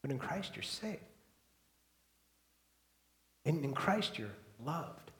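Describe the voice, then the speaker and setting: Man, pastor, sermon, hushed then emphatic, slightly high voice, roomy sanctuary sound. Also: animated, slow pace. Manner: moves between soft, hushed passages and loud, emphatic preaching.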